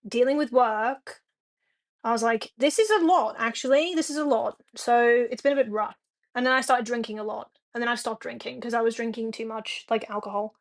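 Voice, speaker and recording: A young woman streaming from home, chatting frankly and swearing a lot as she rambles to her viewers. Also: on the high side. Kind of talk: casual chat to a live stream audience.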